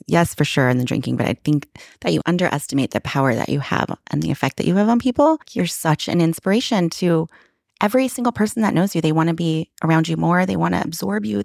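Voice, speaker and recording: Woman podcast co-host, low gravelly voice, earnest and encouraging, dry mic. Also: darkish tone, dry recording. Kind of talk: casual podcast conversation.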